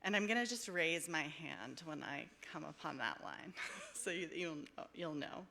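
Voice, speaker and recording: A woman poet reads her work aloud at a library event, taking her time with each phrase. Her voice sits low but has a bright, clear edge. Between poems she chats in an effusive, hesitant, self-deprecating way. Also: expressive, measured pace. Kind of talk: live poetry reading with chatty asides. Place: public library event room.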